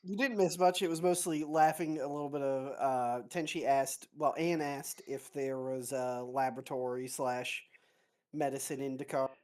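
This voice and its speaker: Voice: mid-range voice, fairly even intonation, moderate pace, a little mellow. A tabletop game player chatting casually in an easygoing way. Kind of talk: casual in-character chat over voice call.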